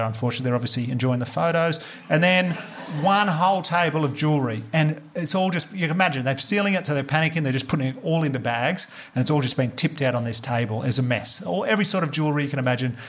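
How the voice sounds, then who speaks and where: Fast-talking Australian man doing stand-up. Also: medium pitch, slight background noise. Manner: animated storytelling, acts out characters with swearing. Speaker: stand-up comedian. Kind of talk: stand-up comedy set. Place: live comedy venue.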